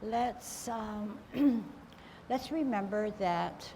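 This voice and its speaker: A woman's voice: mid-range voice, very slow, warm tone, slight background noise. A woman teaching a tai chi class, summarizing the steps one by one in an encouraging, instructive way.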